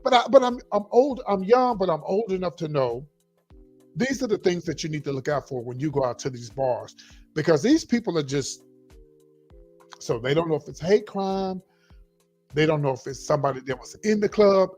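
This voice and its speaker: Middle-aged male livestream host, lively and a bit high-pitched, quiet music underneath. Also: moderate pace. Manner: animated, repeats himself, talks straight to viewers as y'all. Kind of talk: casual livestream chat reading viewer comments.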